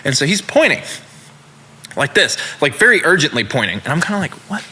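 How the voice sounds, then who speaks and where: Animated young man with a lively pitch. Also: fairly quick, slightly rough. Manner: animated, profane, acts out voices in stories. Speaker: podcast guest, musician. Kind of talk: casual storytelling.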